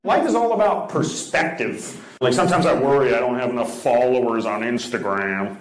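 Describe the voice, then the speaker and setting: A man's voice: mid-range voice, animated, moderate pace. A man doing a stand-up comedy set on a club stage, delivering dry one-liners and teasing the audience. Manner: crowd work, teasing the audience. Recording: loud noise over a live stage recording.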